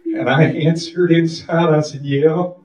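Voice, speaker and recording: A high-voiced man preaches with fervent, sing-song fire, drawing his words out slowly. He sounds distant and muffled, caught in the echo of a church sanctuary. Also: steady tone, darkish tone. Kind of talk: sermon testimony.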